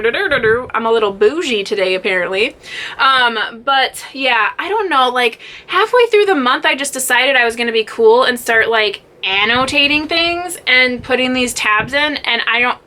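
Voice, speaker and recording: A woman's voice: a little high, sharp tone, a little hiss or hum. A young woman vlogging casually about her reading, chatty and rambling with fillers and laughs. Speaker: booktube vlogger. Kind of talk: casual chat.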